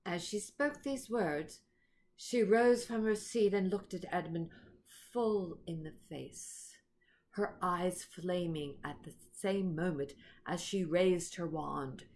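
A woman reading a children's story aloud as the narrator, in a slow, careful way. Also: fairly low pitch, darkish tone, a little hiss or hum. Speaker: reader.

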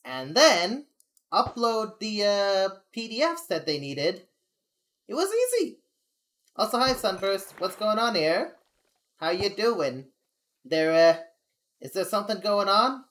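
A woman's voice: medium pitch, very animated, slow, long pauses, a bit bright. A young adult woman streaming, chatting casually and venting candidly, rambling with frequent laughs. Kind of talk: casual live-stream chat.

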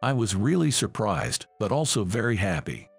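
A man's voice: lowish voice, very animated, moderate pace, gravelly, husky, soft background music, exaggerated voice. A man reading as a remorseful older company president. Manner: earnest, apologetic. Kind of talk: storybook reading.

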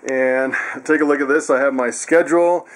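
A man casually walking viewers through his animals in a vlog, chatty and laughing often. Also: normal speed. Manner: coos in high excited tones at pets. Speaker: vlogger.

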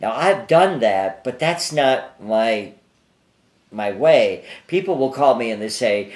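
A man's voice: medium pitch, lively intonation, measured pace, reverberant. An older man, a psychic guest, telling anecdotes in a rambling, casual way full of fillers and restarts, interviewed in his apartment.

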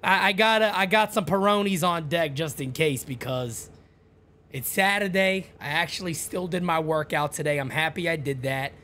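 A middle-aged man hosting a live stream, chatting casually and calling out viewers' names with loud, high-pitched greetings. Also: normal speed. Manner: animated, jumps high and loud when greeting viewers by name.

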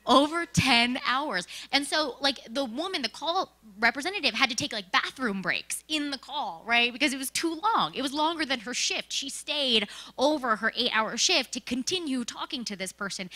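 A young woman giving a casual, animated talk about her work, telling stories and often checking in with "right?" and "like". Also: fairly high pitch. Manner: animated storytelling with frequent "right?" and "like". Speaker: presenter sharing work experience. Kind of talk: conversational presentation.

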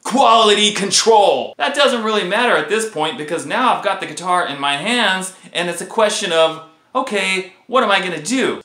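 A man hosting a casual guitar vlog, ranting in an animated, exasperated way about a faulty guitar. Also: on the high side, reverberant. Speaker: guitar video host.

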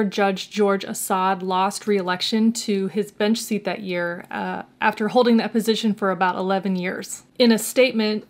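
A woman YouTuber telling a true crime story in a casual, chatty way, with sarcastic, mocking asides. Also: medium pitch.

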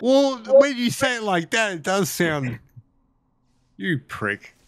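Swearing Australian man, lively pitch. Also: takes it slowly, clean tone, dry recording, clean studio sound. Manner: swears a lot, excitable and teasing. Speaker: gamer in voice chat. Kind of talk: casual gaming chat.

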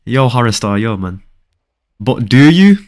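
A man's voice: mid-range voice, very animated, measured pace, darkish tone. A young man, chatting casually on a live game stream and bantering with viewers. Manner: casual, bantering, reads viewer chat aloud.

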